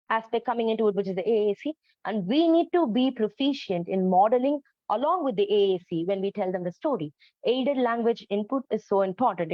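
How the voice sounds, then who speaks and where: A woman's voice: on the high side, no echo. A woman presenting an educational talk on storytelling, explaining earnestly with frequent ums and uhs. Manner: earnest, explanatory, many fillers. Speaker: presenter on storytelling for autistic children. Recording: dull, lo-fi, dry recording.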